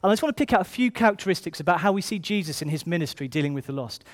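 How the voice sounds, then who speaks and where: A man preaching a sermon, reading scripture slowly and then hurrying through his asides, often repeating key phrases. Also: sits high, expressive.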